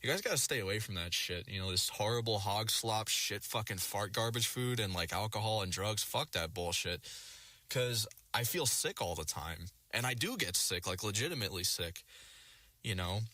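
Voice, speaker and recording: A young male vlogger rants casually to camera in a fairly low, pushed, bright voice, animated and at a moderate pace. He rambles, swears a lot, and uses plenty of filler words, with no room sound.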